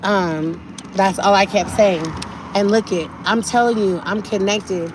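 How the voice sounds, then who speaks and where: A woman's voice: mid-range voice, steady tone, unhurried, noisy background. A woman talking urgently and indignantly to her viewers on a live stream from a car, often repeating herself. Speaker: livestreamer.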